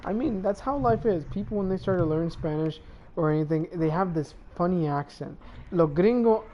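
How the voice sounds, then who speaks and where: A man's voice: high voice, brisk, highs cut off, a little hiss or hum. A man hosting a casual gaming chat, rambling and sliding into Spanish and Portuguese phrases. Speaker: channel host.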